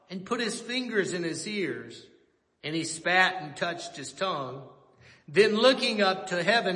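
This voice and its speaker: A man preaching in a church, his voice pitched high and bright as he reads scripture and tells stories slowly and deliberately. The sound carries a long, roomy reverb from the hall around him. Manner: measured, storytelling preacher. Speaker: pastor. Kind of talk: sermon with scripture reading.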